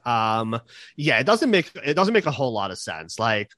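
A man's voice: mid-range voice, big pitch swings, moderate pace, a bit bright, no echo. A male podcast host recapping a TV episode in casual chat, hesitant and full of fillers. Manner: hesitant, lots of fillers and restarts.

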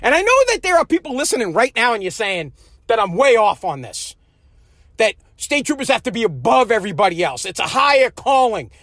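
High-voiced man on a profane rant. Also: very animated, a little fast, a bit bright, no echo, clean studio sound. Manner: profane, heated, repetitive. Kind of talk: angry ranting monologue.

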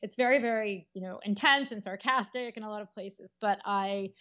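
A woman's voice: medium pitch, normal speed, a bit bright, lo-fi sound. A woman guest author in a casual podcast conversation, speaking thoughtfully with many fillers and restarts.

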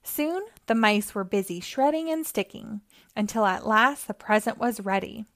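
A woman hosting storytime, reading a children's picture book aloud in a gentle, clear way. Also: fairly high pitch, animated, normal speed, dry recording, clean studio sound. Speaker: storytime host.

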